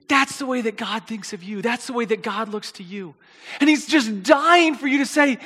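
A man preaching a sermon, telling a story in an animated way and often restarting and repeating words, with his voice rising to near shouting at the big moments. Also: sits high, unhurried, in a large hall. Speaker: pastor.

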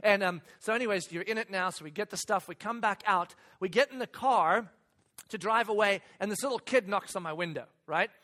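A man's voice: sits high, a little fast, pushed and bright. A man preaching a sermon in a conversational, storytelling way, often stopping to ask "right?" and repeating words as he goes. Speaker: pastor.

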